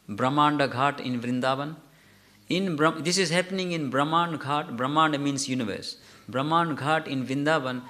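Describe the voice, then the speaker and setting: A man teaching a scripture class, telling a story in a halting way, correcting himself and putting questions to his listeners. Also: medium pitch, fairly bright tone. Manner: halting, self-correcting, asks the audience questions. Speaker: lecturer.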